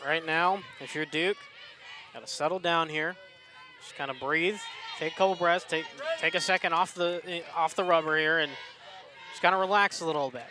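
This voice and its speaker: A man doing color commentary on a softball game, explaining strategy in a relaxed coaching tone. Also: a little high, normal speed. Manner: analytical, coaching tone, laughs easily. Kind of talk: live sports commentary.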